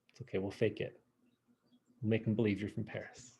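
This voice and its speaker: A man teaching an online French class, saying y'all and slowly drilling each phrase for his students. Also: mid-range voice, fairly even intonation, gravelly, darkish tone, slightly rough. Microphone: video call.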